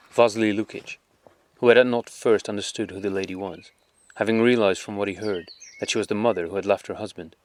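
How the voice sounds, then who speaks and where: A man narrating a classic novel as an audiobook in a measured, calm, unhurried way. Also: on the low side.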